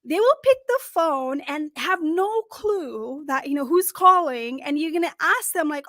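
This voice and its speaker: A middle-aged woman coach talks to camera in a high, bright voice, with punchy emphasis and little acted-out phone calls. The sound is dry and close, with no room around her. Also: lively intonation, a little slow, hardly any pauses, dry recording. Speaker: career coach. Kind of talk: direct-to-camera advice talk.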